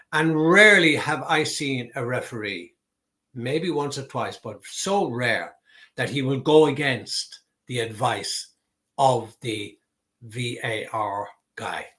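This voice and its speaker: A man's voice: mid-range voice, pushed and bright. A man giving an emphatic, explanatory solo talk on football refereeing, repeating key words for stress. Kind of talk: solo opinion talk to camera.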